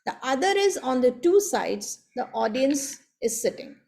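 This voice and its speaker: Slow, high-voiced woman lecturing. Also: sing-song, creaky, warm tone. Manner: measured, explanatory, walks through steps one by one. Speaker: seminar speaker. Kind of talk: academic lecture on traditional performance. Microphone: video call.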